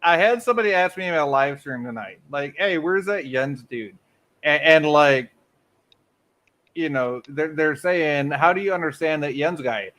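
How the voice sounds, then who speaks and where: Man, highish bright voice, animated livestream banter. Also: normal speed. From Michigan, USA. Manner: animated, loud laughing, swearing. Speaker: livestream co-host. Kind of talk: casual livestream chat.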